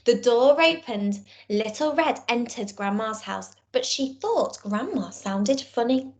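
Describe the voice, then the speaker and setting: A woman teacher, giving a recorded lesson and reading a storybook aloud to young children in a clear, encouraging way. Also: fairly high pitch, slow pace, hardly any pauses. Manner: encouraging, clear and expressive, speaking to small children. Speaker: primary school teacher.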